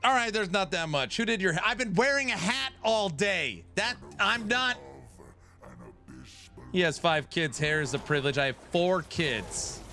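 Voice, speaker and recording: Male streamer, thirties, bright voice, playful teasing banter while gaming. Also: high voice, very animated, normal speed, soft background music. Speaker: game streamer. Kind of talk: live gaming stream chat.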